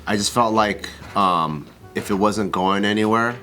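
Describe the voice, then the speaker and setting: A man co-hosting a casual podcast chat, telling a story in an animated way, acting out both sides of a conversation and swearing freely. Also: lowish voice, unhurried. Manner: frequent swearing and filler words.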